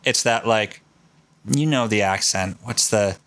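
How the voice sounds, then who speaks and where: Profane, excited male podcast storyteller. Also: fairly low pitch, measured pace, no room sound. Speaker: podcast host. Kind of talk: casual storytelling chat.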